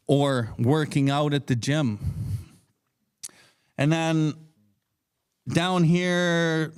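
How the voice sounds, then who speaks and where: Brief: male podcast co-host, fairly high voice, blunt and profane, teaches casually and acts out his inner voice. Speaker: podcast co-host leading a recovery book study.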